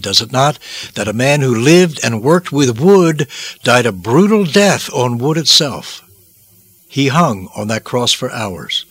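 Bright husky-voiced man preaching dramatically. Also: mid-range voice, no room sound. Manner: dramatic, emphatic, with repeated phrases. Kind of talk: devotional sermon narration.

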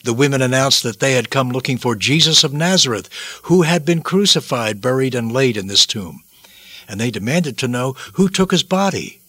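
A man preaching a dramatic sermon narration, solemn and theatrical, swinging between hushed and loud. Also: medium pitch, lively intonation, normal speed, husky, no room sound.

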